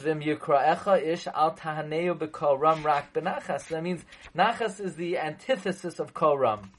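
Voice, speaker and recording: In a poorly recorded lecture, a man with a fairly high, fairly bright voice teaches a religious text at normal speed. As a Torah teacher, he drives his point home with emphasis, repetition, and rhetorical questions, sprinkling Hebrew and Yiddish words into his English.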